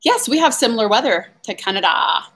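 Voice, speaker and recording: A woman's voice: on the high side, sing-song, a little fast, fairly bright tone, slightly rough. A woman flower farmer chatting on a casual live stream, reading viewer comments aloud and laughing often as she rambles.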